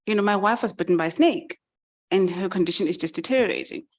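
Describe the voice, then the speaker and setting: A woman's voice: fairly low pitch, fast. Woman doing a worried farmer husband.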